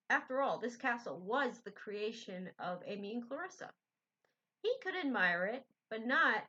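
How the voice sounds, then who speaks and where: Brief: woman storybook reader, gentle and casual, fairly high, bright, dull lo-fi audio. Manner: gentle, unpolished, self-correcting. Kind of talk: reading a children's book aloud. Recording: dull lo-fi recording.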